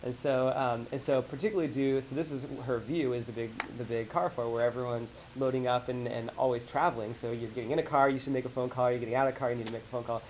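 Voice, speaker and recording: A man giving a casual slideshow talk to colleagues, rambling and animated as he tells stories. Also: medium pitch, slight background noise, rough recording. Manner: rambling, animated storytelling with acted-out quotes. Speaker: presenter. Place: office meeting room.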